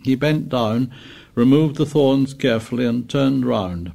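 A man narrating an audiobook in a measured, descriptive way. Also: medium pitch, vocal fry, warm tone.

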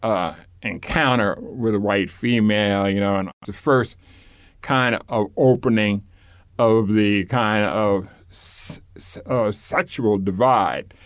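A man's voice: fairly low pitch, slow, no echo, studio quality. An older man being interviewed for an oral history, reminiscing in a rambling way with repeated words and occasional chuckles.

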